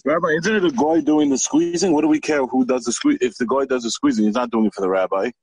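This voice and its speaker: A man, a student in a class held over a video call, asking his teacher quick, probing questions. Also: mid-range voice, darkish tone, husky.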